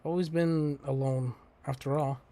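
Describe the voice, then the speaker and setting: A man's voice: mid-range voice, fairly even intonation, unhurried, mellow. A young man playing a game on stream, reading its text aloud and breaking off into crude, joking asides. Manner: crude, joking asides between read lines. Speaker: let's play host. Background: faint game music.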